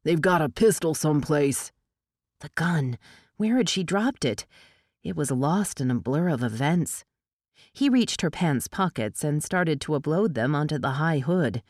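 A woman narrating an audiobook with a steady, expressive reading. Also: low voice, a little slow, no room sound, clean studio sound.

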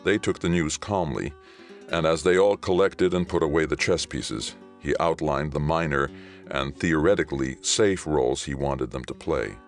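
A man giving steady, scripted audiobook narration. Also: very deep voice, normal speed, soft background music.

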